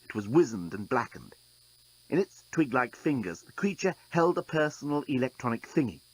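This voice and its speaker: A man's voice: mid-range voice, big pitch swings, moderate pace, slightly rough, poor audio. A man narrating an audiobook in a dry, wry storytelling manner.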